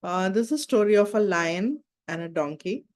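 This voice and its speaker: A woman's voice: mid-range voice, animated, moderate pace, darkish tone. A woman hosting a spiritual wellness talk, telling a fable and asking the listener reflective questions. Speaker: meditation talk host.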